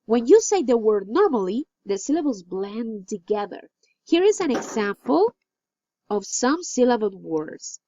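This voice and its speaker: Slow, lively woman teacher. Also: on the high side, no room sound. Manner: slow, clear drill reading with praise. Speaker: English teacher. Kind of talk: recorded classroom lesson. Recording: dull, lo-fi dry recording.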